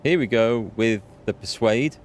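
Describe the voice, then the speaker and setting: A man's voice: medium pitch, a little slow, slight background noise. A man hosting a let's play, chatting and laughing through his commentary. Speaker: gaming video host.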